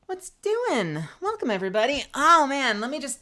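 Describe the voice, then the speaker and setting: A woman's voice: high voice, very animated, moderate pace, pushed and bright. A woman livestreamer chatting casually and playfully with her viewers, greeting people and joking around.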